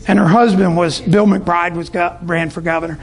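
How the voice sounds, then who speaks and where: A man's voice: high-pitched, steady tone, moderate pace. A middle-aged man from Tampa, Florida, speaking to business owners in a storytelling sales talk and acting out his customers' voices. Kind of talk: sales talk to a live audience.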